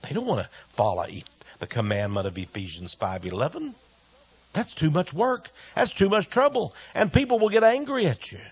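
A preacher man delivering a radio sermon, his voice husky and breathy at the edges. His pitch swings widely from low, quiet asides to high, loud exclamations. The recording is close and dry, with no room sound. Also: very animated, moderate pace, dry recording. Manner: mimics opponents in mocking voices.

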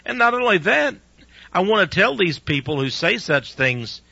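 A man's voice: high voice, very animated, moderate pace, gravelly, sharp tone, husky, no echo, lo-fi sound. A man preaching as a radio show host, earnest and preachy, pressing his points with rhetorical questions. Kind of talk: conversational radio sermon.

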